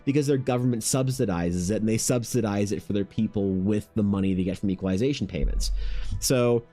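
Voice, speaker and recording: A man's voice: fairly low pitch, fairly quick, mellow, faint music behind. A man who streams art and chats casually, rambling with lots of "like" and swearing. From Canada. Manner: rambling, heavy "like" filler, profane.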